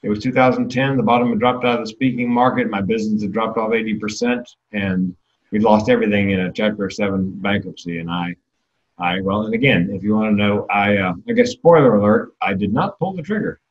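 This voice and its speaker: A man's voice: on the low side, brisk, highs cut off. A man in his sixties giving a comedic keynote talk, candid and darkly self-deprecating.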